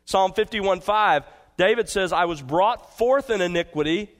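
Male preacher, slightly raised voice, earnest and emphatic, shifting from forceful to hushed. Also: high voice, measured pace. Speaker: pastor. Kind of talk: expository sermon.

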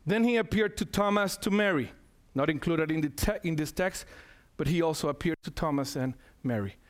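Preacher, man, high-pitched, emphatic sermon delivery, repeats lines for emphasis. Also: fairly quick. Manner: emphatic, calls to the congregation, repeats phrases.

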